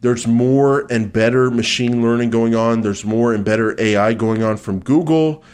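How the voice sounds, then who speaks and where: A man's voice: mid-range voice, moderate pace, a little mellow, clear, resonant tone. A man co-hosting a podcast, joking with his partner, then explaining search ads steadily with some fillers. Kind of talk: casual podcast chat and explanation.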